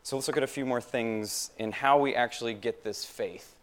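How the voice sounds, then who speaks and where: A man's voice: mid-range voice, normal speed, slight background noise. A man preaching a sermon in a church, talking conversationally, asking the congregation rhetorical questions and repeating phrases for emphasis. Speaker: pastor.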